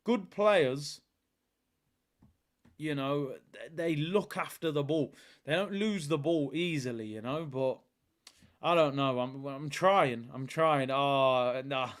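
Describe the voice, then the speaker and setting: A man hosting a live football watchalong, chatting casually and shouting out viewers. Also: a little high, takes it slowly. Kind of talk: live football chat reading viewer comments.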